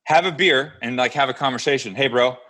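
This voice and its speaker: A man's voice: medium pitch, quick pace, sharp tone. Blunt swearing man in casual chat. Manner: blunt, swearing, tough-love talk. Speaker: podcast host.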